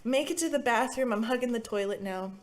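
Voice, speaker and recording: A young woman co-hosting a podcast, telling a story in an animated way, laughing and acting out the voices of the people in it. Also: a little high, brisk. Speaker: podcast co-host. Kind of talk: casual storytelling chat.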